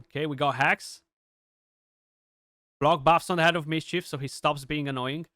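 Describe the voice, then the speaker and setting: A young man giving chatty, excitable live commentary on his gameplay, with many restarts and fillers. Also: a little high, moderate pace, no room sound, clean studio sound. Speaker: gaming streamer.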